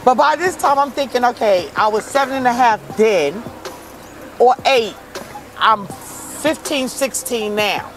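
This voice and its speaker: A woman's voice: a little high, expressive, unhurried, soft background music, rough recording. A woman from Brooklyn, a guest in an interview, tells her own hard life story candidly and emotionally in blunt street-style speech. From Brooklyn, New York. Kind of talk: personal testimony in an interview.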